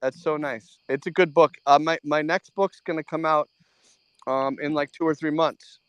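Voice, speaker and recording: Guy running a trading q&a, smooth clear voice, blunt, dry close mic. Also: a little high, steady tone, dry recording, highs cut off. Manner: blunt, quick, drops bits of French. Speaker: host of a trading Q&A. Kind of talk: casual live audio chat.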